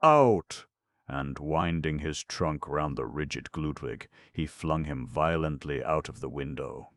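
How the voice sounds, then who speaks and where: A man narrating a classic children's fantasy audiobook in a measured, expressive reading. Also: rumbling low, no echo, clean studio sound. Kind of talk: scripted storybook narration.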